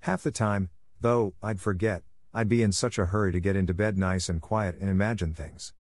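A man's voice: sits low, steady tone, normal speed, a little mellow, dry recording, studio quality, natural voice. A man reading the lines of a chatty, imaginative young orphan girl in an eager way. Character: talkative imaginative orphan girl, eleven, red-haired.

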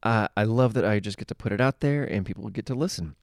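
This podcast host talks fast in a gravelly, lowish voice, with no echo in the studio. He moves from a scripted intro into a casual interview, warm, chatty and full of fillers.

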